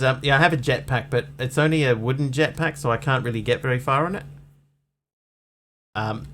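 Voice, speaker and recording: A man of medium pitch chats casually while he plays a game on stream. He rambles and thinks aloud, filling pauses with ums and uhs. A faint hiss of noise sits under his voice. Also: fairly bright tone. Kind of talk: casual gameplay commentary.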